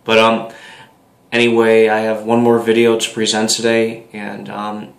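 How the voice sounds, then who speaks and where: A man's voice: on the low side, completely flat delivery, measured pace, creaky. A man casually introducing his own video, hesitant and full of ums. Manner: hesitant, many ums and restarts. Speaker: video creator. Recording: echoey room.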